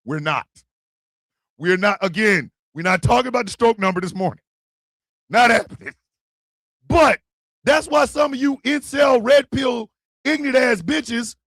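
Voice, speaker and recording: A man with a strikingly high voice hosts a comedic radio advice chat. His pitch swings widely as he rants, and his tone has a husky edge. He is loud and profane and often breaks into shouts. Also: no room sound, clean studio sound. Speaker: radio show host.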